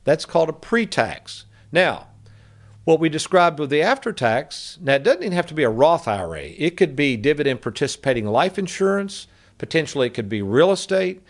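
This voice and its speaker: A man's voice: a little high, very animated, fairly quick. A man hosting a radio talk show on finances, giving a folksy, persuasive monologue with stories.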